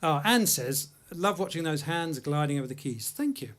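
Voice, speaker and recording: A man's voice: a little high, very animated, moderate pace, a bit bright. A man from England hosting a music livestream, chatting casually between songs in a studio with self-deprecating, anecdotal humor. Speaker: host and jazz pianist-singer.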